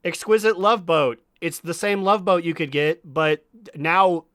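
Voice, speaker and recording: A man's voice: on the high side, a little slow, bright, forceful tone, clean tone, no room sound, studio quality. Wry, riffing male podcast host. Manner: wry, riffing, laughs often. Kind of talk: casual gaming podcast chat.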